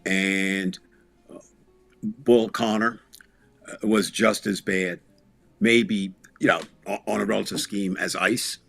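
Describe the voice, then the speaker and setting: A man co-hosting a political talk show, speaking in a measured, storytelling way. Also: fairly low pitch, steady tone, gravelly, fairly bright tone, dry recording, faint music behind. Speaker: podcast co-host.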